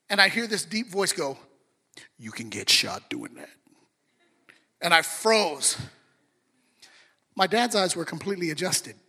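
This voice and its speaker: Bright-voiced preacher man in a reverberant hall. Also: high-pitched. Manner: storytelling, animated, addresses the congregation. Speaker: pastor. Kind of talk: sermon.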